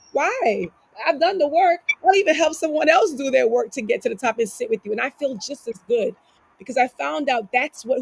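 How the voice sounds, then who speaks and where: Female life coach guest, earnest and motivational, slightly high, gravelly delivery. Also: no room sound, poor audio. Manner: earnest, motivational, asks herself rhetorical questions. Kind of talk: casual conversation.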